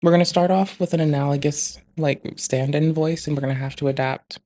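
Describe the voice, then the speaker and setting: A man's voice: fairly high pitch, steady tone, brisk, hardly any pauses, dark tone. A man streaming, chatting casually while reading messages, rambling, joking and swearing often. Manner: rambling, swears a lot, jokey. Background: faint backing track music.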